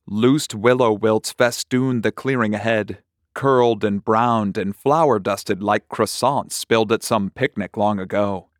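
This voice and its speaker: Man slowly reading a short story. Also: on the low side, no room sound, studio quality. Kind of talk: scripted narration of a short story.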